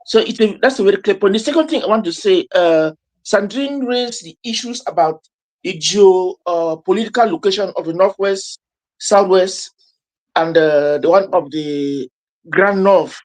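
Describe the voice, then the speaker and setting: A man, a professor, giving analytical commentary, halting with many fillers. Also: high-pitched, a little mellow. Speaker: professor, panel guest.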